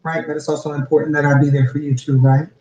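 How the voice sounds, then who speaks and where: A woman hosting a motivational talk show, chatting in an animated, playful and teasing way. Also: sits low, quick pace, recorded from a distance, highs cut off. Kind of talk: casual motivational chat.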